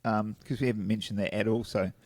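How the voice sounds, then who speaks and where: A man, co-hosting a podcast in casual chat, animated and quick to laugh. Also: on the low side, dry recording. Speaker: podcast co-host.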